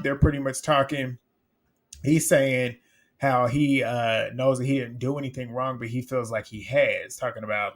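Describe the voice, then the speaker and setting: Guy recapping a dating show, blunt and chatty, laughs a lot, normal mid voice. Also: medium pitch. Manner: blunt, animated, laughs often. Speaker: reality show recap host. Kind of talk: casual recap commentary.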